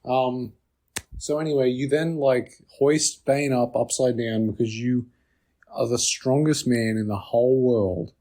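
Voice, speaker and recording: A man's voice: mid-range voice, steady tone, unhurried, warm tone. A man co-hosting a gaming podcast, chatting casually with sarcastic asides and frequent laughs. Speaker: podcast co-host.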